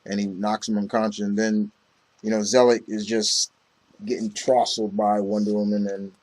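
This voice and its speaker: In a lowish, slightly mellow voice with flat delivery and moderate pace, a man gives a casual comic book recap. He rambles, leans heavily on fillers, and acts out the characters' quotes.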